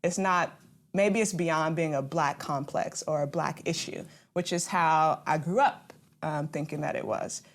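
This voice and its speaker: Thoughtful, lower-voiced woman reflecting. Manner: thoughtful, measured, with soft fillers. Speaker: church member sharing experiences. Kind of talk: reflective conversation.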